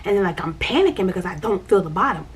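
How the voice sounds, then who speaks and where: A woman's voice: mid-range voice, lively intonation, fast, a little hiss or hum. Woman retelling a vivid childhood memory. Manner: repetitive, vivid recounting. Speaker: storyteller. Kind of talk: personal storytelling.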